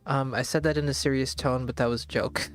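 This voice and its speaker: A man's voice: mid-range voice, fairly even intonation. Man thinking aloud over a game. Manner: thinks aloud, slow and halting, spells words out. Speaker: streamer. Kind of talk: casual live gameplay commentary.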